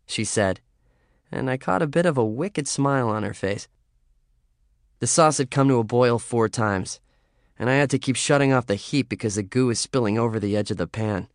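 Guy narrating an audiobook, lowish voice, dead dry sound, calm and measured. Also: no echo. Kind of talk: scripted first-person narration.

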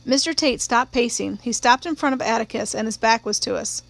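A woman narrating a novel in a measured, steady storytelling voice. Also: on the high side, vocal fry. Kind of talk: audiobook reading of a novel.

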